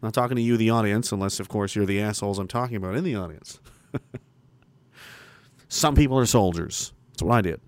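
A man ranting profanely on a casual livestream, reading out viewer comments and swinging from loud emphasis to mutters. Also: fairly low pitch, a little fast, pauses often, no echo. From Canada.

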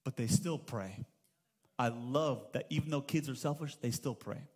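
A man's voice: medium pitch, moderate pace, darkish tone, breathy edge. A man in his thirties preaching a sermon as pastor at a church service, telling stories with playful acted-out voices and humor.

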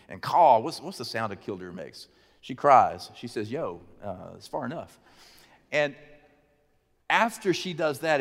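A man preaching a sermon as a pastor, telling a story in an animated, conversational way. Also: mid-range voice, in a large hall.

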